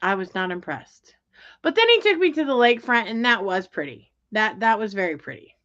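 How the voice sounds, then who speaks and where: A woman telling a story in casual chat, animated and exasperated, with lots of fillers and restarts. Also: medium pitch, a little fast. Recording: dull lo-fi sound.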